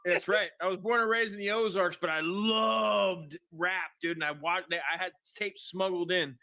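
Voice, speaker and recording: A man's voice: high-pitched, steady tone, a little fast, sharp tone, no room sound, clean studio sound. A man in his forties co-hosting a comedy podcast, joking around loosely and swearing a lot. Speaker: podcast co-host. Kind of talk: casual comedy podcast chat.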